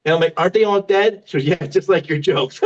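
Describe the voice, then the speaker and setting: Stand-up comic, man in his fifties, high voice, laughs at his own punchlines, dull lo-fi sound. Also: a little fast. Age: 50s. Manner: self-mocking, laughs at his own jokes. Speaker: stand-up comedian. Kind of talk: stand-up comedy set.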